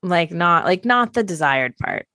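A woman's voice: fairly low pitch, animated, unhurried, pushed and bright, dry recording, clean studio sound. A woman co-hosting a podcast in casual chat, candid and offhand with plenty of fillers. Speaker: podcast co-host.

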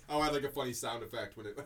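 A man's voice: mid-range voice, pushed and bright. A man co-hosting a podcast in casual chat, joking, laughing and swearing freely. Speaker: podcast co-host.

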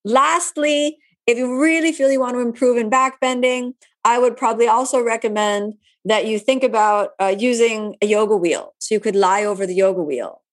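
A woman yoga teacher answering viewer questions in a live online session. She talks in a relaxed, chatty way with many asides. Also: a little high, normal speed, few pauses.

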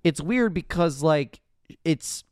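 A man talks casually on a podcast, circling his points with a stream of filler words before landing them. His voice is smooth and resonant. The sound is dry and close, with no room around it. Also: a little high, takes it slowly, no room sound. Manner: rambling, heavy filler words, animated bursts. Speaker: podcast co-host. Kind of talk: casual movie review chat.

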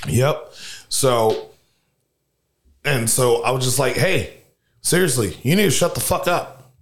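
A man's voice: medium pitch, expressive, takes it slowly. A man co-hosting a casual podcast, swearing freely and acting out quotes in a raised voice. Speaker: podcast co-host. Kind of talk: casual profane chat.

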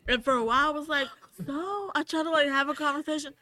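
A woman co-hosting a casual chat, telling animated stories and acting out the dialogue. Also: sits high, racing, no echo. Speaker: podcast co-host.

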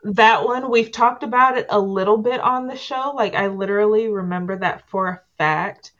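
A woman's voice: mid-range voice, normal speed. Laughing woman on a dull lo-fi mic. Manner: lively storyteller, laughs a lot. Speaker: podcast co-host. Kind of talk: casual chat. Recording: dull lo-fi sound.

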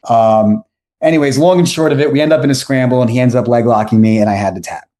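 A man's voice: mid-range voice, fast. Podcast guest, man, 40s, from South Florida, easygoing storyteller, mid-range voice. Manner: rambling, self-correcting, animated storyteller. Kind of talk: casual storytelling.

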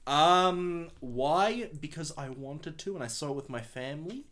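A man's voice: on the high side, lively intonation, measured pace, fairly bright tone. A man in his thirties co-hosting a casual podcast chat, answering in a dry, wry way. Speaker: podcast co-host.

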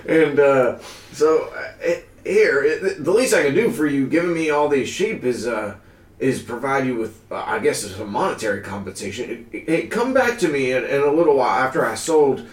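A man's voice: medium pitch, expressive, moderate pace, distant mic, pitched above the performer's own voice, lightly acted. A man voicing a cheerful, folksy old male farmer who rambles and stumbles over his words. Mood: chatty, flustered. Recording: echoey room, off-mic, faint hiss.

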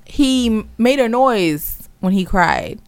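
Giggly, animated woman. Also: fairly high pitch, slow, no echo. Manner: giggly, keeps chuckling while she talks; animated storyteller. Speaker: podcast co-host. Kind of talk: casual chat.

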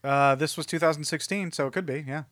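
A man's voice: fairly high pitch, fast, fairly bright tone, no echo, clean studio sound. A man co-hosting a podcast, reading out reviews in a mocking tone and cracking up along the way. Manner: mocking, breaks into laughter mid-read. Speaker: podcast co-host. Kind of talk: reading out reviews in a casual chat.

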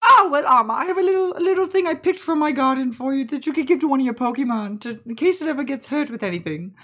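A woman voicing a fussy, doting older auntie in a tabletop role-play game, in a high, loud voice. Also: expressive, quick pace.

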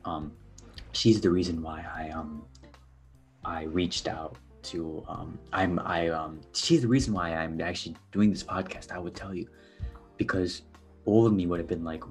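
Brief: low-voiced teen guest on a podcast, earnest and faltering, with faint music underneath. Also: male voice, steady tone, unhurried. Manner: earnest, hesitant, many fillers. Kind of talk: personal storytelling on a podcast.

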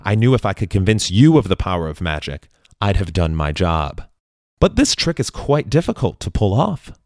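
A man's voice: sits low, sing-song, normal speed, no echo, studio quality. A man voicing a proud, grandiose male stage magician in a spoken story. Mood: boastful. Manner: grandiose, self-congratulating, apologetic when explaining.

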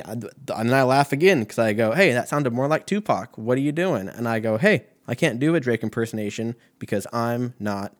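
A young man hosting a casual solo podcast, rambling and swearing, often laughing at his own jokes. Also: medium pitch. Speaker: podcast host.

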